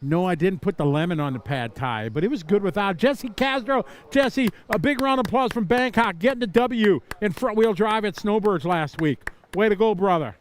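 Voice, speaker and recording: Excitable middle-aged man calling live races. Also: sits high, moderate pace, hardly any pauses, a little hiss or hum. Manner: excitable, chatty, laughs and shouts at crashes. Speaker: race commentator. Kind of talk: live play-by-play commentary. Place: outdoor racetrack.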